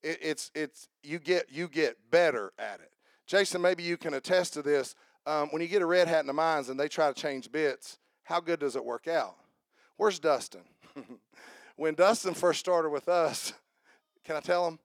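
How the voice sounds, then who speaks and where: A man's voice: fairly high pitch, moderate pace, dry recording. A man preaching a sermon to his congregation, joking and repeating himself as he talks to people in the room by name. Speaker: pastor.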